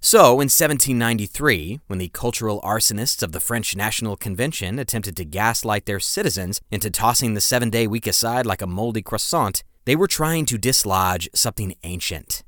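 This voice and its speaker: A man's voice: fairly low pitch, lively intonation, brisk, hardly any pauses, fairly bright tone, no room sound, studio quality. A man hosting a podcast, reading scripted history narration in a dramatic, emphatic storytelling manner with playful asides. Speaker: podcast host.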